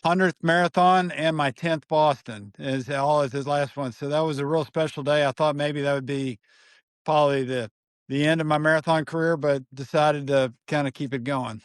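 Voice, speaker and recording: A man in his sixties tells a story as a podcast guest, his voice sitting a little high for a man. He is recorded close and dry, with no room sound. He brings the story alive by acting out the people in it. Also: normal speed, clear, resonant tone, no echo. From Dallas area, Texas. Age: 60s. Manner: animated storyteller acting out quoted dialogue. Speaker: guest, marathon runner and physician.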